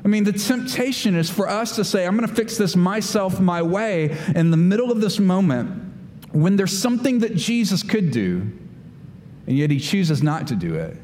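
A pastor giving a sermon, talking animatedly and acting out the voices of Bible figures. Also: male voice, high voice, big pitch swings, normal speed, darkish tone. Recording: long hall reverb, faint room noise.

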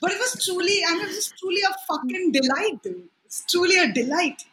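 A woman's voice: extremely high pitch, animated, brisk, a bit bright, echoey room, rough recording. A woman in her thirties with an Indian accent, chatting animatedly as a podcast guest, laughing often and slipping into Hindi. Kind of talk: casual chat.

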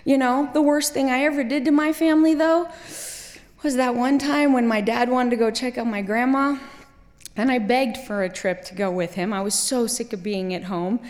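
A woman's voice: a little high, normal speed. Woman storyteller with long hall reverb. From Kuwait. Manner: lively, wry, laughs at her own story, turns quiet and grave. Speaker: speaker telling a personal story. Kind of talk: storytelling talk on stage.

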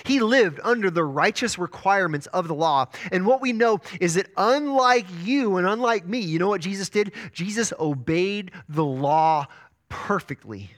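A man preaching in an earnest sermon style, his voice sitting a little high for a man. He swings from sharp, rising peaks down to soft, low endings, and often stumbles and restarts words as he goes. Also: animated, moderate pace. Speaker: pastor.

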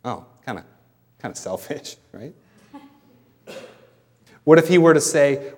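A man delivers a sermon in an easy, talky manner, pausing and restarting as he explains. His voice sits at an ordinary pitch. The sound carries a long hall reverb. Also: expressive, darkish tone, husky. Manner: conversational, explains with pauses and restarts. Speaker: pastor.

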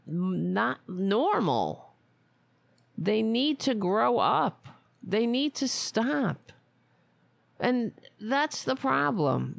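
A woman hosts a political talk show, tired and a little sick, venting in sarcastic, scolding rants. Her voice is low and gravelly with lots of vocal fry. Her pitch swings widely as she mocks and mimics, and she speaks close to a dry microphone. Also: dry recording. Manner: angry, sarcastic commentary. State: tired and unwell. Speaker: host.

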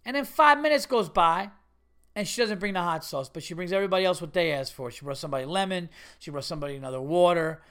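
Guy ranting on his podcast, casual storytelling, swears a lot, gets worked up and loud then chills back down. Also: sits high, fast, smooth. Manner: animated, swearing, rising to indignant bursts. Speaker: podcast host.

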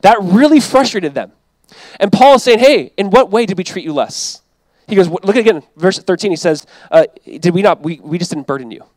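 A man's voice: high voice, lively intonation, brisk, a little mellow, no echo, low-quality recording. A man pastor preaching a sermon in a conversational, emphatic way, often acting out quoted lines.

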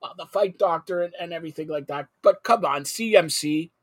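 A man's voice: a little high, a little fast. A man hosting a sports talk radio show, brash and jokey, steering the chat with leading questions.

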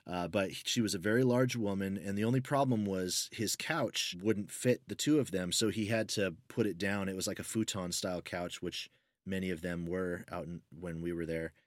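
A man co-hosting a podcast, telling stories in a relaxed, anecdotal way and chuckling now and then. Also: sits low, no echo, clean studio sound. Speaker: podcast co-host. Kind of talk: casual storytelling chat.

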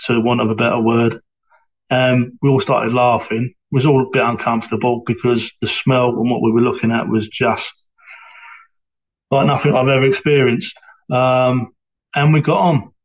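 Halting, flat-voiced man. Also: mid-range voice, rough recording. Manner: hesitant, halting, with many fillers and restarts. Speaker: interviewee, former police sergeant. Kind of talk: reflective personal account.

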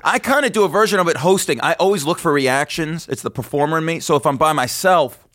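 A man's voice: on the high side, fast talker. Brash, joking male podcast host. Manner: brash, joking, swears freely, radio-style shout-outs. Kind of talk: casual podcast banter.

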